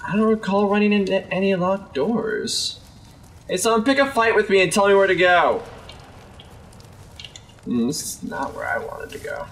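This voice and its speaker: A young man riffs playfully through his gameplay, talking back to the characters on screen. His voice is slightly high and swoops up and down as he jokes. He sits a little back from the mic, with a faint hum of room noise behind him. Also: moderate pace, long pauses, far from the mic. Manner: jokey, talks to game characters, lively swings in pitch. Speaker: gaming video host. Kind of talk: let's play commentary.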